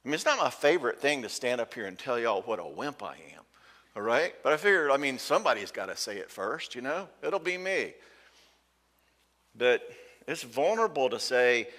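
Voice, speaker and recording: A man's voice: mid-range voice, very animated, normal speed, a bit bright. A man giving a conversational talk at a marriage conference, acting out quoted dialogue and checking in with the audience. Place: church hall. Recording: hall reverb from a church hall.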